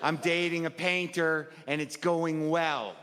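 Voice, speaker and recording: Profane rambling comedian guy on stage, fairly high voice, echoey club, noisy laughing crowd. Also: fairly even intonation, unhurried. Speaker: stand-up comedian. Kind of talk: stand-up comedy. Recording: reverberant live club with crowd noise. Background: audience laughter.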